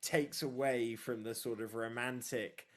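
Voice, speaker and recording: A young man of medium pitch, speaking a little slowly, co-hosts a podcast in casual conversation. He tells animated stories and plays out the quotes within them.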